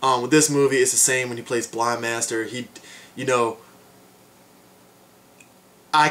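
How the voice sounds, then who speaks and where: A man's voice: medium pitch, little pitch movement, unhurried, pauses often, a bit bright. A man giving a casual film review, rambling with frequent fillers and asides. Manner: rambling, many fillers like "and stuff" and "um". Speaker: movie reviewer.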